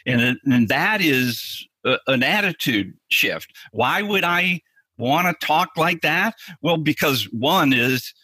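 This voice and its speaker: A male therapist with a bright, forward voice and a husky edge. He explains his method earnestly, restarting phrases as he thinks aloud. The sound is dry and close. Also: medium pitch, no echo. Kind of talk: explanatory interview answer.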